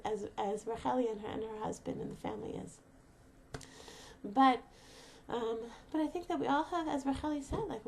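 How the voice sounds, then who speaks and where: Earnest high-pitched woman, rambling pep talk. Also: vocal fry, darkish tone, slight background noise. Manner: rambling, full of fillers and restarts; earnest and emotional. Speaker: host giving a pep talk to mothers. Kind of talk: heartfelt motivational talk.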